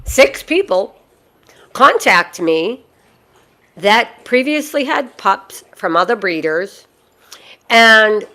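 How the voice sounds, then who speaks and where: Slow, chatty woman with a Boston accent. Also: medium pitch, sharp tone. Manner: chatty, folksy, repeats phrases for emphasis. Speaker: dog breeder hosting a live stream. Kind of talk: live-stream chat to viewers.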